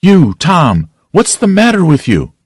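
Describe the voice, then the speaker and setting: A man's voice: fairly low pitch, wildly swooping pitch, a little slow, husky, no room sound, studio quality, full character voice. A man reading an audiobook, voicing a stern but caring older aunt who scolds and fusses. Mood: scolding. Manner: scolding, flustered.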